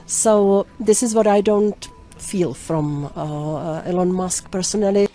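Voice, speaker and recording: Woman, slow measured delivery, soft music under her. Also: lowish voice.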